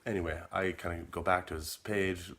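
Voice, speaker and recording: Middle-aged male vlogger, deep low voice, loose rambling storyteller who repeats himself. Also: steady tone, brisk, fairly bright tone, a little hiss or hum. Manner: rambling, repeats words, quotes his own messages. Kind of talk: casual storytelling monologue.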